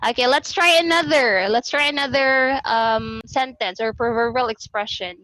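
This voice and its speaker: High, bright Filipino woman teaching. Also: normal speed, no echo, low-quality recording. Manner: drills words by repeating them; mixes English and Cebuano. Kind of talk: online class lecture. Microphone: video call.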